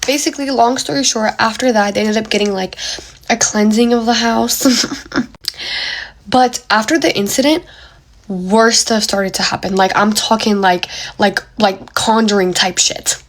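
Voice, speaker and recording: A young woman with a medium-pitched voice talks a little slowly over slight background noise as she tells her phone a ghost story. She's casual and animated, dramatizing it with slang, gasps, and exaggeration.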